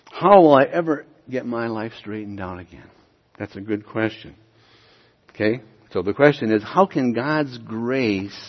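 A male pastor delivers an emphatic sermon, pressing his listeners with questions and swelling to loud, forceful peaks. His voice rings through a large hall with long reverb, captured on a dull, muffled recording. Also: fairly low pitch.

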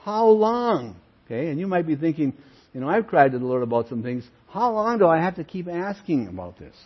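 A man's voice: a little high, big pitch swings, fast talker, husky, highs cut off. An older man, a pastor, preaching a sermon with earnest emphasis and calling his listeners friends.

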